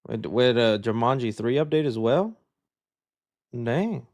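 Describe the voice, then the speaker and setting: A young man hosting a live show, chatting casually and reacting loudly, calling his viewers "dude.". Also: mid-range voice, measured pace, muffled recording. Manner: excitable, loud reactions, says "dude" a lot. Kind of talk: casual livestream chat.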